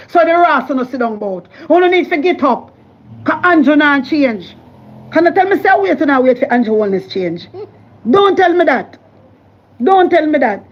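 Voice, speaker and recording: A woman's voice: sits high, highs cut off. A woman with a Jamaican Patois accent giving an impassioned, scolding political rant as a vlogger.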